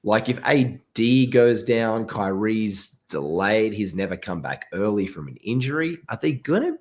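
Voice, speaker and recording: Male host, low voice, very animated, chatty and off the cuff. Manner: animated, quick asides and restarts. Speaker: podcast host. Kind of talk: casual fantasy sports chat.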